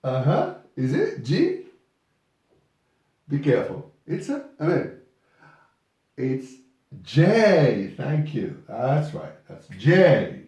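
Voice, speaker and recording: A man's voice: on the high side, wildly swooping pitch, takes it slowly, long pauses, warm tone. A man teaching English pronunciation in a classroom, patiently repeating words and calling on students. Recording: echoey classroom from far off.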